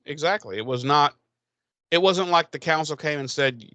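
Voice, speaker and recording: A man co-hosting a podcast, recapping a TV episode in casual chat, swearing freely and animated. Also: a little high, normal speed, dry recording. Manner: swearing, animated, quotes characters in put-on voices. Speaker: podcast co-host.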